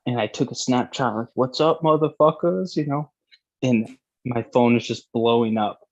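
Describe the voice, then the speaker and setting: A man's voice: medium pitch, fairly even intonation, normal speed, a little mellow, dull audio. A young man casually telling a long, profane, rambling story as a podcast host.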